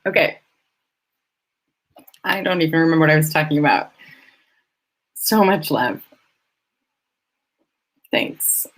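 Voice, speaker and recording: A woman's voice: sits low, expressive, slow pace, long pauses, low-quality recording. A woman hosting a casual live stream from a hotel room, emotional and effusive as she thanks her viewers. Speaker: livestream host.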